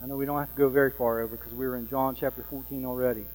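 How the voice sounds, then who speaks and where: Chatty preacher in an echoing hall. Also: male voice, medium pitch, level tone, very fast, darkish tone. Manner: conversational, frequent fillers and "Amen?" checks. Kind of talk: sermon.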